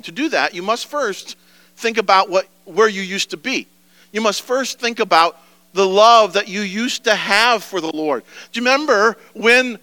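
Pastor guy preaching, high bright voice, super dry close sound, earnest. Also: moderate pace, dry recording. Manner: earnest, preacherly, rising to emphatic pleas. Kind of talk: sermon.

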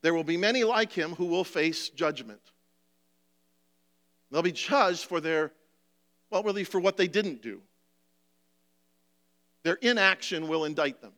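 Male preacher, sermon, high voice, bright tone, passionate, pleading, rhetorical questions, emotional, near tears. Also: lively intonation, a little slow, long pauses.

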